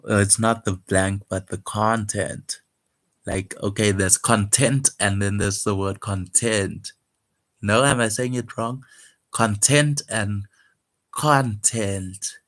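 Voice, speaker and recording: Man, low voice, slow, halting, soft and guarded, casual monologue. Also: steady tone. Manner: halting, hesitant, many fillers and restarts; soft-spoken, wistful, guarded. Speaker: poet vlogger.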